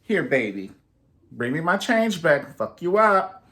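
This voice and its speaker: A man's voice: fairly high pitch, sing-song, unhurried, sharp tone, pitched above the performer's own voice, full character voice. A man putting on the voice of a feisty old grandmother who scolds and threatens a grandchild in a profane, bossy way.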